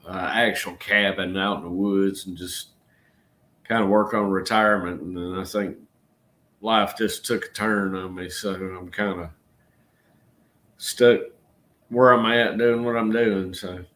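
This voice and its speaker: Low-voiced folksy Georgia man. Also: fairly even intonation, unhurried, long pauses, fairly bright tone. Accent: Southern US, Georgia. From Georgia, USA. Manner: folksy, rambling, says y'all. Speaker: channel host. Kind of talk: casual livestream chat.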